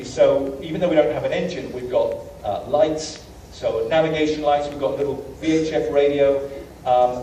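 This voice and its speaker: A man's voice: mid-range voice, mellow. British man lecturing in an echoey hall. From Britain. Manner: anecdotal, self-deprecating, many fillers. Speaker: guest lecturer. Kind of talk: humorous travel lecture. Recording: echoey hall from far off, faint hiss.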